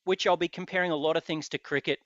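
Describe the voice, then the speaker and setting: A man's voice: a little high, fast, no echo. Australian male podcast host, casual storyteller, stop-start delivery, dry dull audio. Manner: animated storyteller with hesitant restarts. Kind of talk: casual chat.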